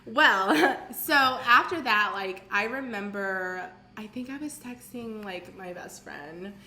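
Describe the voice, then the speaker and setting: A woman's voice: medium pitch, slow pace, reverberant. A woman in her twenties co-hosting a casual podcast, telling candid stories with plenty of laughs and swearing. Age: 20s. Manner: candid, animated storytelling with laughs and profanity. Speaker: podcast co-host. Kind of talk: casual chat.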